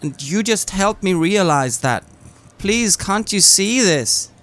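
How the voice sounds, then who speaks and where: A man plays his character in a tabletop game, speaking slowly in halting, earnest phrases. His voice sits slightly high. He stammers often as he searches for words. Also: animated, fairly bright tone. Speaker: player.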